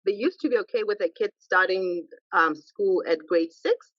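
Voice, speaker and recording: A woman's voice: mid-range voice, normal speed. Chatty mother on a muffled line. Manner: chatty, assertive, quotes her kids' exchanges. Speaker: podcast guest, mother of three. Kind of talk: casual conversation. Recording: muffled lo-fi recording.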